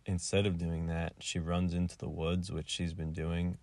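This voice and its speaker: A man with a low voice rambles through a casual recap, leaning on filler words. The sound is dry and close, with no room around it. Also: completely flat delivery, normal speed, darkish tone, no room sound. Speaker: video reviewer.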